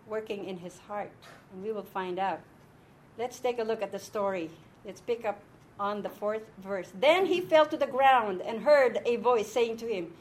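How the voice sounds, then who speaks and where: A woman with a medium-pitched voice leads an informal Bible and Hebrew lesson for a small group. She explains things step by step and often checks that her listeners are keeping up.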